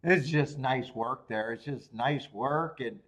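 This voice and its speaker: This male host speaks slowly in a mid-range, slightly bright voice as he runs a live horse racing stream. Between casual talk about his wagers, he curses, starts over, and mutters to himself as he watches the races.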